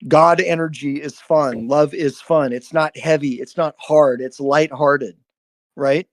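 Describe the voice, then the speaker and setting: A man's voice: fairly high pitch, steady tone, measured pace. A man hosting a live stream, giving an earnest spiritual monologue full of swearing and frequent "right?" checks. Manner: earnest, profane, repeats "right?".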